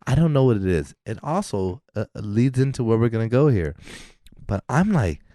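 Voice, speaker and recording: Lively, animated storytelling man. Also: medium pitch, moderate pace, no room sound. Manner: animated storyteller, swears freely, laughs often. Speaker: podcast co-host. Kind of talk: casual chat. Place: podcast studio.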